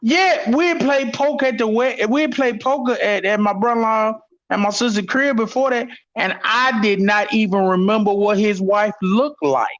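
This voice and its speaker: A man hosting a call-in show, telling stories in a profane, animated way and laughing often. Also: high voice, normal speed, few pauses, muffled recording. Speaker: host. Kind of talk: casual storytelling chat.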